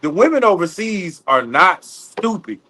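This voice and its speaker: A man's voice: high voice, big pitch swings, measured pace, pushed and bright, poor audio. A man on a livestream panel telling a story in a blunt, slangy way.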